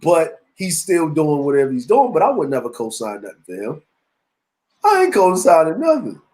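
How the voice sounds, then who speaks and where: High-voiced, animated middle-aged man. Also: normal speed, rough recording. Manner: animated, teasing storyteller. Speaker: podcast co-host. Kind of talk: casual chat.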